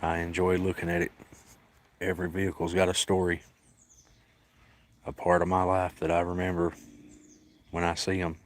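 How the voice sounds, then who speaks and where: Deep-voiced man talking outdoors. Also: monotone, moderate pace, long pauses. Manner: folksy, drawling, answers chat by name. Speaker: cat sanctuary livestreamer. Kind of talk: casual livestream chat with viewers. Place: outdoors at an animal sanctuary. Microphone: phone on a livestream.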